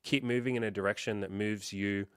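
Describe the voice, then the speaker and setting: Low-voiced man, chatty coach on stream. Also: fairly even intonation, a bit bright, clear, resonant tone, dry recording, studio quality. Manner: conversational, filler-heavy, acts out quick quoted reactions. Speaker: life coach hosting a livestream. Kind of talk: casual livestream chat answering viewer comments.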